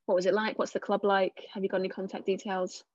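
A woman's voice: mid-range voice, little pitch movement, quick pace, a little mellow, dry recording, highs cut off. A woman in her twenties from England, chatting casually as an interview guest, with plenty of fillers and a self-deprecating way of telling it. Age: 20s. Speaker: cricketer guest.

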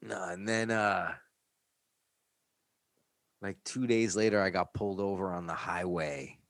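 A man in casual conversation, telling a story in an animated way and loudly acting out other people's lines. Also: deep voice, measured pace, no echo. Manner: animated, acts out shouting cops.

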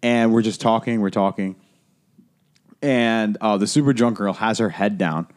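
A man's voice: on the low side, moderate pace. Profane, rambling young podcast host man. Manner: rambling, profane, lots of fillers and "like". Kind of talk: casual storytelling chat.

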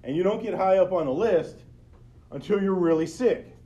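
A man's voice: high voice, normal speed, warm tone, highs cut off. A middle-aged man hosting a podcast, telling a personal story in an earnest, conversational way and speaking straight to his listeners. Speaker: podcast host.

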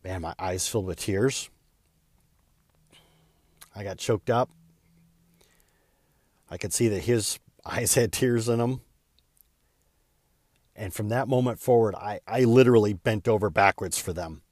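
A man, a real estate agent, telling a heartfelt personal story in an earnest way that speeds up and slows down with emotion. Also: lowish voice, a little mellow, dry recording.

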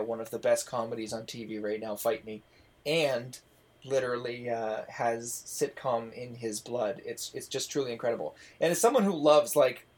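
A man hosting a casual podcast chat, talking enthusiastically and rambling with lots of asides. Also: mid-range voice. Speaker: podcast host.

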